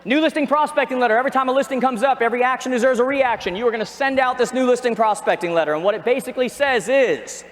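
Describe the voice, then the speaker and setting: A man giving an energetic seminar talk on a stage, asking the audience questions and joking with them. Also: very high voice, fast talker, hardly any pauses, a little hiss or hum. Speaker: real estate trainer. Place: large arena. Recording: echoey arena with long reverb.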